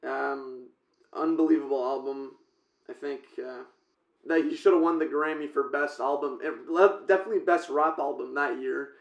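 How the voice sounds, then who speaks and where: A young man co-hosting a podcast, talking casually about an album in a relaxed, rambling way with "um" and "like.". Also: mid-range voice, moderate pace, creaky. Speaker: podcast co-host. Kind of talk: casual music chat. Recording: roomy echo.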